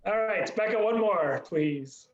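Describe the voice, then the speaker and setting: A man's voice: sits high, animated, slow, echoey room, dull audio, noisy background. A man hosting an online improv comedy show, loose and rambling, often laughing. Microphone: video call.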